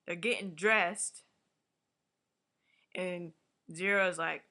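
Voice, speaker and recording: A woman giving a casual, animated episode recap, swearing freely and acting out the characters' lines. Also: on the low side, a little slow. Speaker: vlogger reviewing a TV episode. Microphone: webcam or laptop mic.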